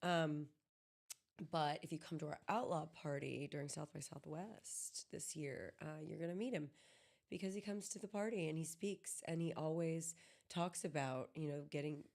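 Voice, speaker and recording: Low-pitched American woman, thirties, chatty co-host who rambles and jokes. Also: moderate pace, gravelly. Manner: rambling, animated, joking. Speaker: podcast co-host. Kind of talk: casual chat.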